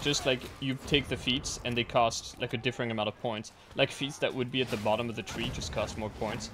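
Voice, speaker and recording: A man's voice: medium pitch, fairly even intonation, a little fast, background noise. A man in casual gaming chat, rambling and restarting his sentences as he explains his views. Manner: rambling, many restarts and fillers. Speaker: streamer and player.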